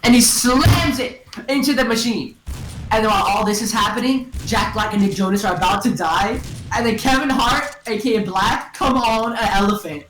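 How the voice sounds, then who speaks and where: A woman excitedly retelling a story to friends over voice chat, rambling with lots of "and then" and "like", on a gaming headset at home. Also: a little high, moderate pace, reverberant, over music, low-quality recording. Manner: excitable, giggly, full of "and then" and "like".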